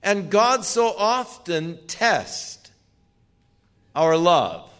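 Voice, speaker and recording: An older man preaching in a slow, unhurried sermon. His pitch rises and falls widely as he presses earnest, emphatic questions on his listeners. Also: big pitch swings, fairly bright tone, clean tone.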